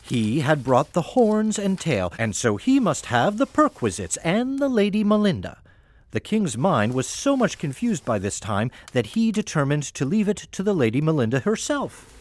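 A man's voice: a little high, huge pitch swings, normal speed, darkish tone. A man narrating a fairy tale in a wry, playful storytelling manner over faint music.

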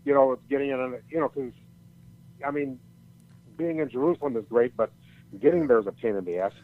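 Speaking briskly in a mid-range voice, an older man rambles through a lengthy story as a storyteller guest in casual chat. He's profane and restarts his sentences often. The audio has a tinny, phone-like quality.

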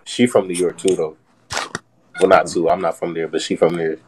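Low-voiced young man chatting on a live stream. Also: flat delivery, normal speed, slight background noise, rough recording. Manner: loose slang-heavy banter, laughs often. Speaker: TikTok live host. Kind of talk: casual chat. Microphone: phone.

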